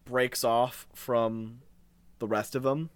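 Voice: medium pitch, level tone, slow, clean tone, dry recording. A podcast co-host in casual chat who recalls plot details hesitantly, often stopping to search for them.

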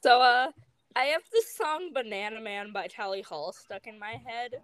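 A woman's voice: on the high side, expressive, moderate pace, a bit bright, clear, resonant tone, no room sound. A woman co-hosting a podcast in casual chat over a video call, bubbly, giggly and scattered. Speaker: podcast co-host.

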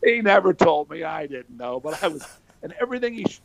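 Gravelly older man telling stories. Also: fairly high pitch, sing-song, a little fast, dry recording. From Pennsylvania, USA. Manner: folksy, full of fillers, laughs while telling stories. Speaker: interview guest, former wrestler. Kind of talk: storytelling in casual chat.

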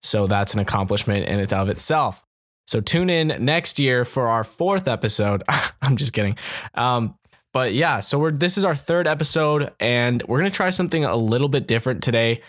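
A man's voice: medium pitch, expressive, moderate pace, fairly bright tone. A young man from Canada hosting a comedy podcast, joking and sarcastic with frequent laughter. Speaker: podcast host. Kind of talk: casual comedic podcast monologue.

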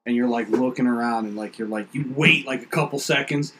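A man's voice: medium pitch, fairly quick, slight background noise, low-quality recording. A man in casual podcast chat, telling rambling, profane stories and acting out other people's lines. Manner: rambling, profane storytelling with animated quoted outbursts.

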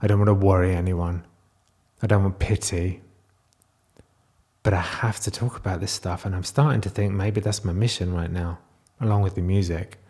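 A man speaking in a raw, confessional video diary, close to tears, halting and restarting as he talks. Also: deep voice, steady tone, mellow. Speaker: vlogger.

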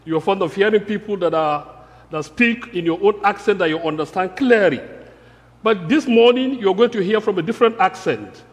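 Man from africa, sermon, high-pitched, emphatic repetition, church hall reverb. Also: normal speed. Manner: earnest, emphatic, repeating key phrases. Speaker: preacher.

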